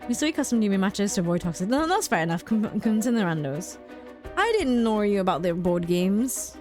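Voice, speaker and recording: A woman's voice: medium pitch, animated, a little fast, darkish tone, faint music behind. A young woman streamer chatting casually and playfully, giggling often as she reacts to chat.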